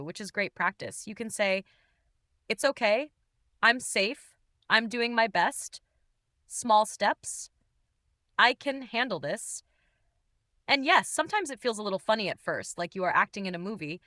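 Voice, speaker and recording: A woman hosting a beginner English lesson podcast, speaking in slow, simple sentences with a gentle, encouraging and playful manner. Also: medium pitch, dry recording, clean studio sound. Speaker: English teacher and podcast host.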